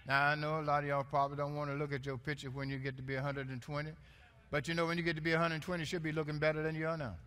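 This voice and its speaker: A man's voice: a little high, level tone, rapid-fire, fairly bright tone, clean tone. A male pastor preaching a sermon with call-and-response, playful and laughing with the congregation.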